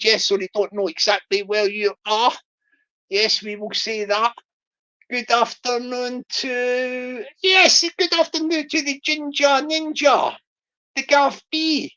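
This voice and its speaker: A woman chatting casually on a livestream, rambling and repetitive, with theatrical, gushing shout-outs to viewers. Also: on the high side, lo-fi sound.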